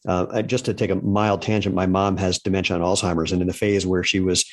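Low-voiced male podcast host. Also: level tone, fast. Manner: curious, storytelling, many restarts. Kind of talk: conversational interview.

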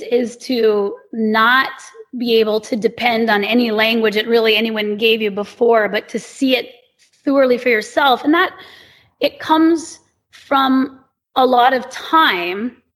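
A woman's voice: a little high, takes it slowly, fairly bright tone. A woman who teaches movement, guesting on a podcast and explaining her ideas thoughtfully. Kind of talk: casual conversation.

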